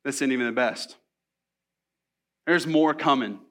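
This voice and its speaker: A man preaching a sermon in a church, animated and conversational, with casual asides to the congregation. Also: medium pitch, measured pace. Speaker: pastor.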